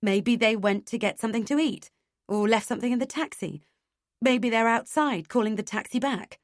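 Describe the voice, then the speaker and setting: A woman reading an audiobook, voicing a firm, reassuring man who talks in a calm, logical way. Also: a little high, moderate pace, no room sound, studio quality, lightly acted.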